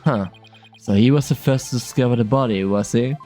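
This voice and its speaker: A man's voice: medium pitch, a little fast, mellow, faint music behind, natural voice. A man streaming a game, reading an earnest male defense attorney in his own plain voice. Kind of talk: casual game dialogue reading.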